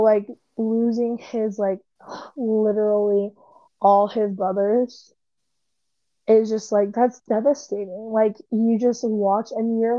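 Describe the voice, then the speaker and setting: A woman's voice: medium pitch, mellow, no echo. Young woman rambling, dull lo-fi sound. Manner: rambling, heavy use of "like", emotional. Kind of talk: casual movie review chat.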